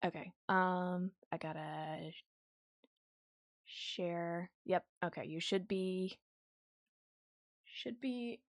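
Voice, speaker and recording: A young woman streamer chatting casually with her viewers while she draws, easily excited and quick to laugh. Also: on the low side, dry recording. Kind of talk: casual livestream chat while drawing.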